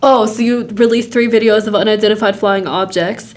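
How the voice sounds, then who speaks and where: A woman's voice: medium pitch, steady tone, fairly quick. A woman co-hosting a podcast in casual chat, with dry, sarcastic banter. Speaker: podcast co-host.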